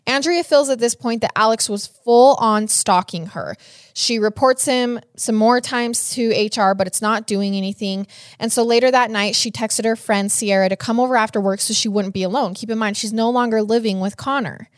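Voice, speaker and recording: A woman's voice: on the high side, normal speed, no room sound, studio quality. A young woman co-hosting a podcast, telling a true-crime case in a casual, chatty way with lots of "like.". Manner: chatty, animated, frequent "like". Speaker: podcast co-host.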